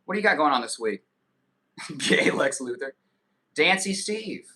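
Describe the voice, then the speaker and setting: Male streamer in his 30s, slightly high and bright-toned, loose and profane, riffs on chat comments. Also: sing-song. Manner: loose, joking and profane, with quick asides. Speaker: livestream host. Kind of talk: casual live-stream chat, reading viewer comments.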